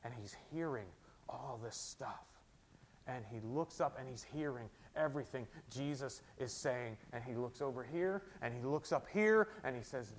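A man preaching a sermon, moving between quiet, close teaching and loud, emphatic proclamation. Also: mid-range voice, expressive, unhurried. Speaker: pastor.

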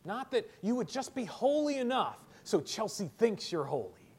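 Man, pastor, sermon, high voice, emphatic, rises and drops in volume. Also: very animated, normal speed, husky. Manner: emphatic preaching, voice rising and falling, repeats words for stress.

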